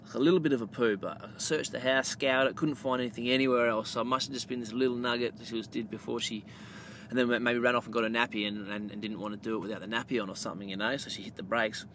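A man's voice: medium pitch, quick pace, a little hiss or hum. A man with an Australian accent hosting a podcast, telling a rambling story in casual, swear-filled chat and calling his listeners mate. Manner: gets loud and animated telling the punchline. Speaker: podcast host.

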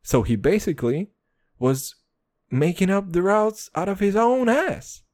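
A young man hosting a casual solo podcast, swearing a lot and dropping "dude" into every sentence, boastful and rambling. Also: unhurried. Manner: crude, swaggering slang, lots of "dude"; jumps between low mutters and high excited bursts. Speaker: podcast host.

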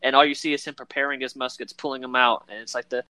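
A man chatting casually as a podcast co-host, with a bright, forceful tone at a middling pitch. He rambles with plenty of fillers and slips into voices to act out quotes. The sound is dry and close to the mic. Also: fairly even intonation, brisk, no room sound. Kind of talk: casual chat about a film.

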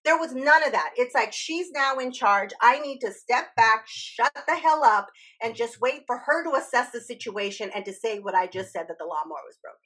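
A woman's voice: a little high, normal speed, few pauses, fairly bright tone. A woman telling a personal story in a candid conversational podcast, swearing freely and acting out quoted dialogue.

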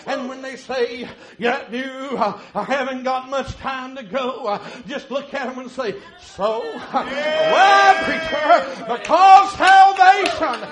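High-voiced shouting preacher in an echoey church. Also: male voice, steady tone, heavy background noise. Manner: chanted, drawn-out preaching with cries of "woo" and "hallelujah". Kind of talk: shouting revival sermon. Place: church sanctuary. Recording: echoey church with loud congregation. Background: congregation responding.

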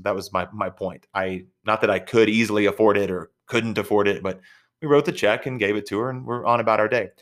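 A man's voice: lowish voice, a bit bright. A man, an entrepreneur hosting his own show, telling a casual story in a chatty, rambling way with frequent repeated words. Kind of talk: casual anecdotal monologue.

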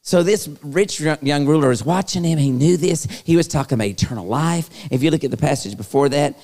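A man's voice: on the high side, brisk, dark tone. A middle-aged man, preaching to a live youth conference in a playful, teasing way and talking straight to the crowd. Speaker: youth speaker. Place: large hall. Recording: long hall reverb.

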